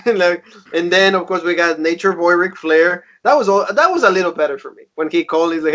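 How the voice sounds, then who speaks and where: A man's voice: high voice, brisk, fairly bright tone. Rambling man recapping a wrestling show. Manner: rambling recap with fillers, laughs often. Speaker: podcast co-host. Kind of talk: casual wrestling review chat.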